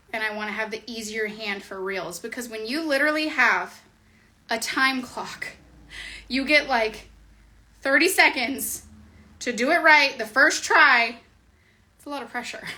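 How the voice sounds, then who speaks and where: Bright, bubbly high-voiced woman vlogger. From Southern California. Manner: bubbly, chatty, gushing, quick asides. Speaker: nail tutorial vlogger. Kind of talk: casual chatty tutorial. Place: home desk area, indoors. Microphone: camera on tripod.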